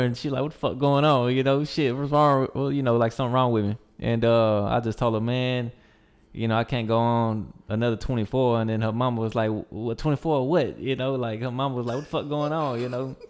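A man's voice: mid-range voice, darkish tone. A young man telling a long story in a laid-back, slangy way, full of fillers and restarts. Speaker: podcast guest. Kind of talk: casual storytelling.

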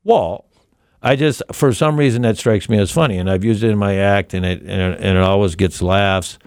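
A man's voice: fairly low pitch, normal speed, no room sound, clean studio sound. An older man, a comedian guest on a radio show, chatting casually, laughing often and restarting his sentences.

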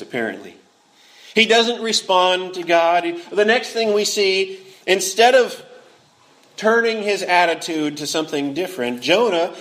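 A man's voice: sits high, a bit bright. A man preaching a sermon in an earnest way, often repeating words as he goes and acting out what he quotes. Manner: earnest, acts out quotes with feeling; frequent word repeats.

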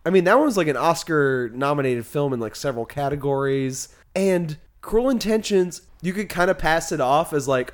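A man's voice: a little high, animated, moderate pace, hardly any pauses. Chatty man co-hosting a film podcast. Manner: chatty, leans on "like" and fillers. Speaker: podcast co-host. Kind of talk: casual film discussion.

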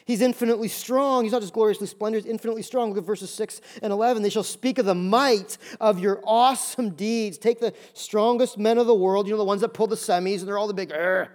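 A male pastor preaching a lively sermon, acting out little voices and jokes to make his points. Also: high-pitched, fast talker, few pauses. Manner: animated, acts out voices and jokes.

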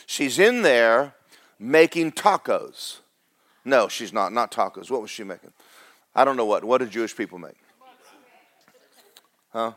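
Folksy preacher, lively voice. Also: male voice, medium pitch, unhurried, pauses often, dry recording, studio quality. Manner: folksy, storytelling, acts out characters. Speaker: pastor. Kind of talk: sermon.

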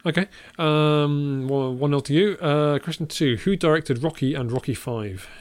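A man's voice: a little high, normal speed. A man co-hosting a casual podcast and running a quiz, chatty and playful, laughing often. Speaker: podcast co-host, quizmaster. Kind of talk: casual chat.

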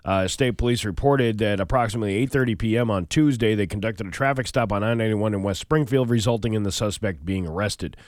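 A man's voice: fairly low pitch, quick pace, hardly any pauses, dry recording, clean studio sound. A man co-hosting a morning radio show, joking around, laughing often and reading the news. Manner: jokey and animated, laughs often.

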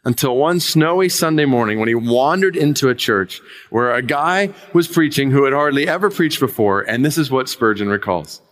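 A man's voice: medium pitch, lively intonation, moderate pace, hardly any pauses, a bit bright. A man preaching a sermon, telling a conversion story in an earnest storytelling manner. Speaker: pastor.

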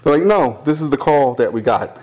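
A young man with a brisk, mid-range voice co-hosts a podcast and tells a long story in casual chat. He swears freely, stays animated, and does voices for the people he quotes.

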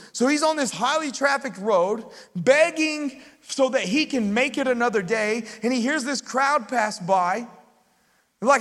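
A man preaching a sermon as pastor, conversational and animated, acting out quotes as he goes. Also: high voice. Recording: long reverb of a large church hall.

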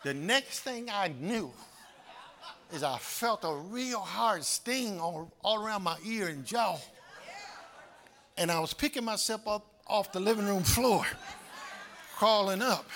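A man preaching a sermon as pastor, telling folksy stories with laughter and rising to shouts. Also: sits high, expressive, unhurried, pauses often, a faint crowd, slight background noise.

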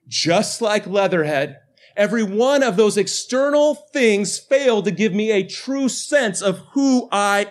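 Pastor, man, late 30s, high voice; relaxed, self-mocking sermon delivery to a live church. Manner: conversational, self-deprecating humor. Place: church before a live congregation.

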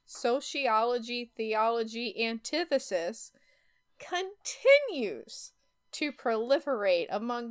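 A woman co-hosting a casual podcast chat, reading tweets aloud and laughing often. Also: on the high side. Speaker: podcast co-host.

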